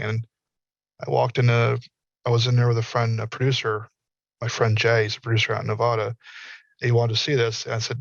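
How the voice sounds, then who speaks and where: A man's voice: medium pitch, steady tone, quick pace, gravelly, no room sound, highs cut off. A middle-aged man on an online panel, a candid storyteller who acts out quotes as he researches virtual worlds.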